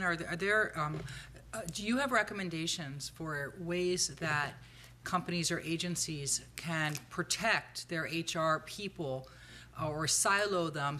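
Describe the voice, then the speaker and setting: A woman chairs a committee hearing, feeling her way through each question with pauses and fillers. Her voice is bright and sharp, with faint ambient noise behind it. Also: fairly low pitch. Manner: halting, searching questions with many fillers.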